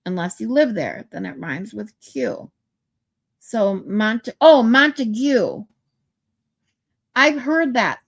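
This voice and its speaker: Her fairly high, husky voice has lively intonation and vocal fry, and she takes things slowly with long pauses. She hosts a casual livestream, playfully chatting, reading comments aloud and trying out pronunciations.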